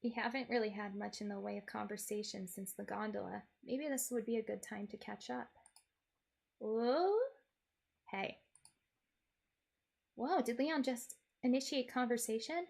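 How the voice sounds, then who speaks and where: A woman streamer tells a game's story in the first person, wry and playful. Her voice sits a little high with a gravelly fry running through it. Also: fairly even intonation, a little slow, long pauses, darkish tone. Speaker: VTuber game streamer. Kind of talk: in-character comedic game narration.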